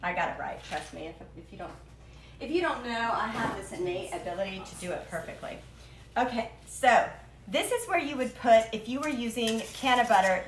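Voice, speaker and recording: A woman's voice: medium pitch, noisy background. Playful woman hosting a kitchen cooking stream. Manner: playful, chatty, breaks into silly rhymes. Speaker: cooking show host. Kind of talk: live-streamed cooking demo. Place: home kitchen. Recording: echoey kitchen with clattering dishes.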